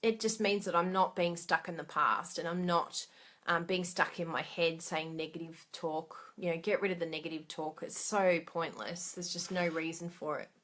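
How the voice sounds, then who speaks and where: A woman talks straight to camera in a casual, encouraging way, often turning to questions for the people watching. Her voice sits a little low but sounds bright and forward. She chats like a friend and laughs at her own mistakes. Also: steady tone, moderate pace. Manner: chatty and encouraging, laughs at herself, asks listeners questions. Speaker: trainer for craft product demonstrators. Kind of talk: casual motivational talk to camera.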